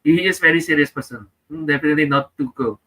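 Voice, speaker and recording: A man who is a comedy guest, telling self-deprecating stories in an animated way. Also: fairly high pitch, quick pace, low-quality recording. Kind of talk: comic storytelling.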